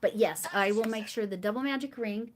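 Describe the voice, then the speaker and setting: A woman's voice: medium pitch, fairly quick, slight background noise. Middle-aged woman crochet streamer; casual, rambling chatter to live viewers, easy laughs, lots of fillers. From United States. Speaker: crochet livestream host.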